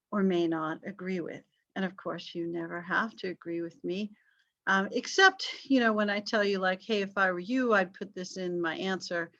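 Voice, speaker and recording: A woman teaching a recorded online class, talking in a loose, chatty way that is full of ums and jokes at her own expense. Her voice sits at an ordinary middle pitch. The sound is dull and lo-fi, as if from a basic computer microphone. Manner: chatty and self-deprecating, with frequent ums. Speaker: college history instructor.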